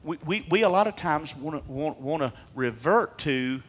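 A man preaching a sermon in a church, folksy and fervent, rising to near-shouts and dropping to hushed asides. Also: a little high, normal speed, hardly any pauses. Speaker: pastor.

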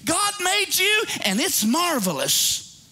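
A man's voice: extremely high pitch, huge pitch swings, takes it slowly, bright, forceful tone. A pastor in his fifties preaching a sermon. He is exuberant and jokey and breaks into whooping exclamations.

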